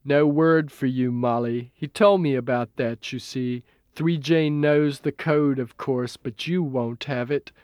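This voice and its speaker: A man's voice: mid-range voice, fairly even intonation, measured pace, hardly any pauses, a little mellow, smooth, no room sound, studio quality, close to an everyday voice. A man voicing a smug, perverse young male illusionist who talks in a gloating, theatrical way.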